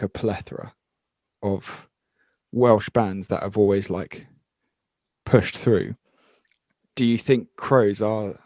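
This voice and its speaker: A man from Brighton hosting a podcast, chatting loosely and swearing freely. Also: on the low side, no room sound, clean studio sound. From Brighton, England. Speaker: podcast host. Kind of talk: casual interview chat.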